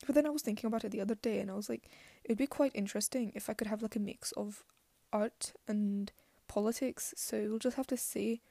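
A young woman from London hosting a podcast in a put-on Scottish accent, rambling and chatty and drifting into soft half-whispered asides. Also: mid-range voice, steady tone, fairly quick, creaky, no echo. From London, England. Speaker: podcast host. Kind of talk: rambling solo monologue.

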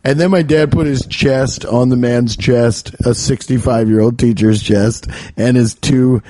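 A man hosting a casual podcast, telling profane stories and dropping into quick voices of the people in them. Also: mid-range voice, no echo. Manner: profane, animated storyteller doing quick voices of others. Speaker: podcast host. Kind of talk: casual storytelling chat.

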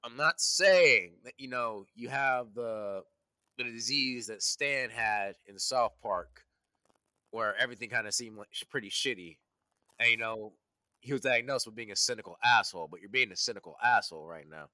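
A laid-back man from California teasing his co-host in casual, profane chat. His voice is bright and clear, recorded dry and close. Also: mid-range voice, normal speed, dry recording. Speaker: podcast co-host.

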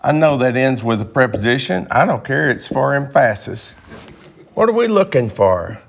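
A man's voice: mid-range voice, very animated, normal speed, creaky, breathy edge. A man teaching an interactive Bible class, joking and asking the class questions.

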